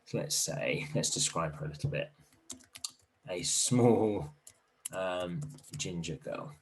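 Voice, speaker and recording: A man teaching an online primary literacy lesson in a gentle, encouraging way, thinking aloud as he writes. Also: low-pitched, expressive, takes it slowly, gravelly, a little hiss or hum.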